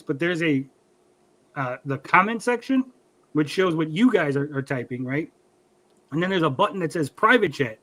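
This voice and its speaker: A man's voice: on the high side, fairly bright tone, poor audio. A man hosting a livestream podcast, telling a rambling story in casual, profane chat.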